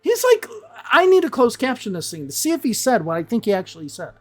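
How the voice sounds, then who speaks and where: A woman's voice: on the high side, very animated, quick pace, faint music behind. A woman English teacher giving casual reaction commentary, blunt and exasperated and swearing freely.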